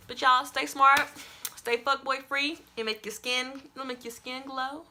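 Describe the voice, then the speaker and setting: A young woman vlogger telling a story-time tale to her viewers, dramatic and animated, calling out to them as y'all. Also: high voice, unhurried, slight background noise.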